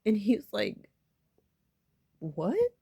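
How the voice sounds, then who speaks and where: A woman vlogger musing softly in half-whispers about personal matters. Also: medium pitch, takes it slowly, breathy edge, dry recording. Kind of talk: reflective personal talk.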